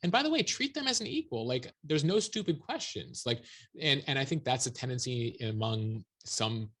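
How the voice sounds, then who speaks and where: A man, a journalist guest in an interview, telling stories in an animated, quick way. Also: medium pitch. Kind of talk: casual interview chat.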